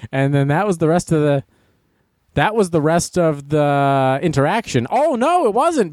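Animated, joking male talk-show host. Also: a little high, no room sound, studio quality. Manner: playful, laughs often, reads news items aloud with wisecracks.

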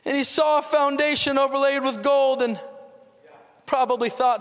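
High-voiced man preaching in a reverberant church. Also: fairly even intonation, normal speed, fairly bright tone. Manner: preaching with rising fervor, rhetorical questions. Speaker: pastor. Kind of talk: sermon.

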